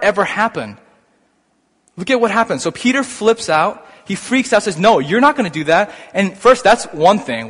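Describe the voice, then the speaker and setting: A man preaching a sermon, explaining scripture in an animated way that builds to excited emphasis. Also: sits high. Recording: long hall reverb.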